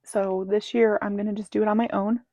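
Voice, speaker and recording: A woman's voice: mid-range voice, little pitch movement, fairly quick, warm tone, no room sound. A woman talking casually through her monthly cash budget, rambling with many ums and counting bills under her breath. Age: adult with children. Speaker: budgeting vlogger. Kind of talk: casual cash-stuffing walkthrough.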